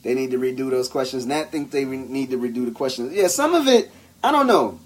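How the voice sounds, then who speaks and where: A man co-hosting a podcast in casual banter, animated and slangy, acting out the quotes in his stories. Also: mid-range voice, a little fast. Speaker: podcast co-host.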